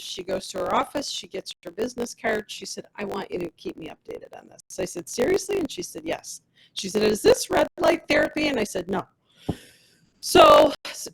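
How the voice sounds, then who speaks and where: A woman with a gravelly, husky voice tells her personal story as a product rep. Her pitch swings widely as she acts out every exchange, keeping a lively storyteller's energy throughout. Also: rough recording. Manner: animated, reenacts dialogue with others. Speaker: testimonial speaker, product rep.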